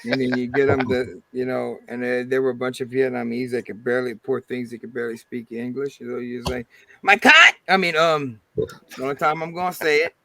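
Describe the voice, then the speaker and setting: A man's voice: mid-range voice, level tone, fairly quick, a bit bright, no echo. Rambling joking Cajun man on a livestream. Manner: rambling, joking, crude humor. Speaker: livestream host. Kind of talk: casual livestream chat.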